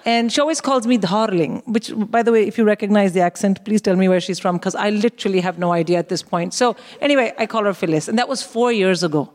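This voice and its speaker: A woman in her forties co-hosting a live comedy show, telling a wry, animated story and swearing freely on a stage. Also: medium pitch, quick pace, few pauses, background noise. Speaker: co-host. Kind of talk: comic storytelling to a live audience.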